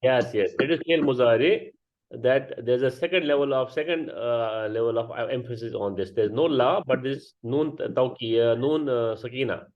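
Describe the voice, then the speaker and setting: A man's voice: mid-range voice, normal speed. A man teaching a grammar class, explaining step by step and often checking with students. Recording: dull lo-fi sound.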